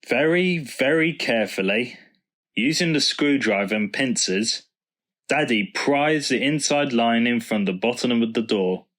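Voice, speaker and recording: A man reads a children's storybook aloud in a calm, even voice. His narration is steady and clear, at a middling pitch. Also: unhurried. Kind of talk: storybook reading.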